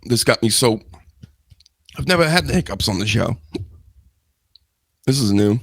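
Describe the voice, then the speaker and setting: A man's voice: mid-range voice, animated, moderate pace, creaky, husky, no echo. A man hosting a live wrestling news show, talking in a rambling, joking way with self-mocking asides. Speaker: host.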